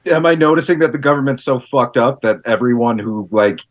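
A man's voice: mid-range voice, brisk. A man on a video call, rambling and swearing loosely as a podcast guest. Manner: rambling, profane, loose and animated. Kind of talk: casual panel chat. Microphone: computer mic on a video call. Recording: dull lo-fi computer mic.

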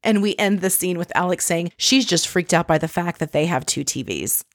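Female podcast host, slightly low voice, chatty and sarcastic, dead-dry recording. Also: animated, moderate pace, dry recording. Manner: wry, sarcastic asides. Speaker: podcast host recapping a reality show. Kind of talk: casual chatty recap.

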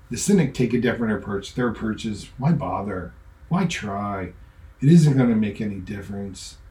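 A middle-aged man preaching with a mellow, warm tone. He talks in a relaxed, joking way and acts out the voices in his stories. The room around him is echoey. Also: medium pitch. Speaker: pastor. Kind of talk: sermon.

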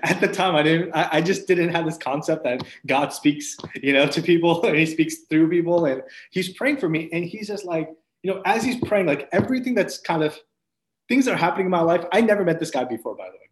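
A man with a somewhat high voice tells his personal faith testimony as a podcast guest. He speaks earnestly and reflectively, often restarting his sentences and letting out soft laughs. His voice rings with a roomy echo.

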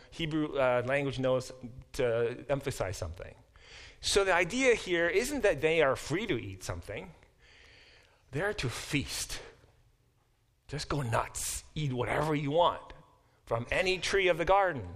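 A middle-aged man teaching a class, explaining with lively examples and frequent restarts. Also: a little high. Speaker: professor teaching a Bible class. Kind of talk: classroom lecture.

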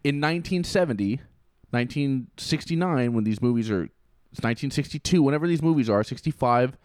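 A man's voice: mid-range voice, expressive, a little fast, a little mellow, dry recording, clean studio sound. A young man co-hosting a casual podcast, rambling with many restarts and the odd swear word. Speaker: podcast co-host.

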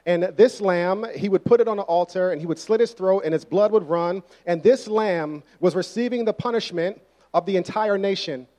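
A man's voice: high voice, moderate pace, a little mellow. A young adult man preaching a sermon as pastor, speaking in a conversational and emphatic way.

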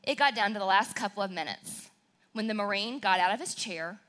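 A bright, forceful woman with a southern Wisconsin accent who is preaching at church as the pastor's wife. She tells her stories with sass and excitement, and she lets her feelings show. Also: medium pitch, fairly quick. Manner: sassy, excitable, emotional storytelling. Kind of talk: sermon.

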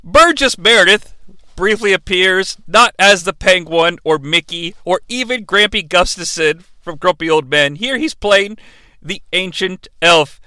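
A man in his forties hosting a comedic bad-movie review show, sarcastic, profane and excitable. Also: high-pitched, unhurried, clean tone, dry recording.

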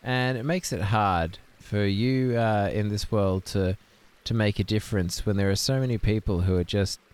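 A man's voice: lowish voice, normal speed, a little mellow, clear, resonant tone. Rambling mock-serious young man hosting. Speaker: podcast host. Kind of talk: improvised comedy podcast.

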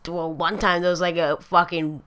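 A man co-hosting a podcast, quick and crude in joking banter. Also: fairly high pitch, flat delivery, sharp tone, clear, resonant tone. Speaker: podcast co-host.

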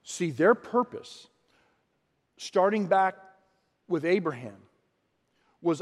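A man preaching a sermon, animated and often acting out quoted voices, with frequent restarts. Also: high voice, slow pace, pauses often. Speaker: pastor. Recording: long hall reverb.

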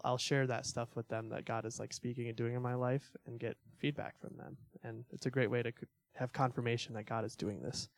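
Speaking at a medium pitch, a young man gives a relaxed church teaching full of filler words and small laughs at his own expense. The audio is studio quality with no room sound at all.

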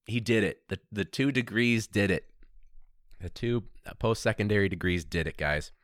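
A man hosting a casual storytelling podcast, rambling and laughing, with sudden incredulous jumps high in his voice. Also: normal speed, no room sound, clean studio sound. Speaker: podcast host and teacher. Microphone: podcast microphone.

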